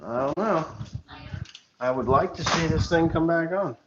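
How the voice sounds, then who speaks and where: Here the same kind of speaker, a middle-aged farmer from the US, spins loose, joking tales for his livestream audience. His voice sits on the high side and keeps a measured pace. Sound quality is dull and lo-fi, with a faint hiss.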